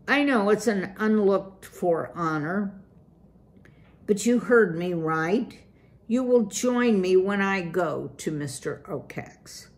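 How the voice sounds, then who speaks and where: A woman's voice: medium pitch, expressive, slow pace. A woman voicing a pompous, fussy father mouse who speaks formally and grandly. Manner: formal, grand-sounding and self-important.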